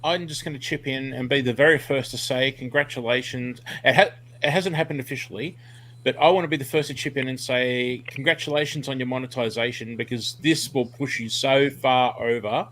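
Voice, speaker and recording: A man's voice: medium pitch, steady tone, fairly quick, fairly bright tone, rough recording. Friendly man offering congratulations. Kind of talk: casual livestream chat.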